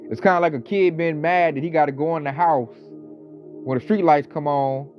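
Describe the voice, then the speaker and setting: A man delivering a casual ranting monologue, talking with animated, mocking energy and mimicking coworkers. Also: a little high, brisk. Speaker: online commentator. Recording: slightly dull audio, faint background music.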